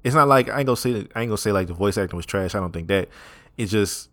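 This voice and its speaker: A man's voice: fairly low pitch, very fast, a bit bright, no echo. A young man co-hosting a podcast in casual chat, laid-back and slangy, laughing often. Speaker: podcast co-host.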